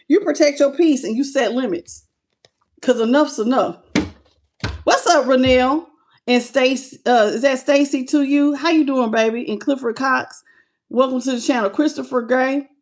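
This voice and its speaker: A woman with a high, bright-sounding voice giving a live tarot reading. She talks in an animated, affectionate way, calling listeners baby and greeting them by name. She laughs often between lines. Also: normal speed. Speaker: tarot reader.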